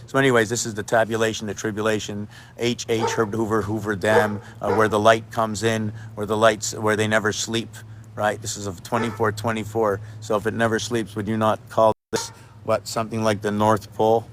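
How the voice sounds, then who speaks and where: Man on his own video, rambling, free-associating, voice on the low side. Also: monotone, a little fast, noisy background. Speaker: video maker. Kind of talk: rambling monologue. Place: outdoors with dogs.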